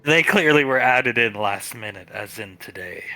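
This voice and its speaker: A male game master with a very bright, sharp voice at a middling pitch, wry as he narrates a live tabletop game. Faint music plays underneath. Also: lively intonation, normal speed. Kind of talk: live-streamed tabletop role-play.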